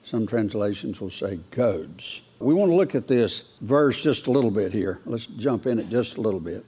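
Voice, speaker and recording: A man's voice: lively intonation, moderate pace, warm tone, breathy edge. A man preaching a folksy verse-by-verse sermon, lifting his voice to read scripture aloud and asking his listeners questions along the way. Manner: folksy, rises in pitch when reading scripture aloud; asks the congregation questions.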